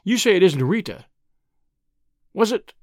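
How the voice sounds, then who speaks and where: A man's voice: sits high, very animated, a little slow, no room sound, studio quality, full character voice. A man voicing a blustering, suspicious middle-aged man who snarls and barks his lines in a storybook reading. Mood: gruff. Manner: snarling, barking.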